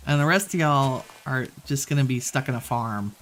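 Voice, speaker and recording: A man chatting in a relaxed, rambling way while streaming a game, laughing easily. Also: medium pitch, moderate pace, few pauses, slight background noise, rough recording. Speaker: gaming streamer. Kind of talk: relaxed gameplay chat.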